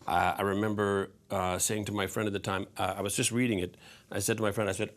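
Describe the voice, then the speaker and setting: Easygoing male actor, low voice. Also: fairly even intonation, fast. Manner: easygoing, many fillers and restarts, laughs. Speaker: actor guest. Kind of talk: interview talk.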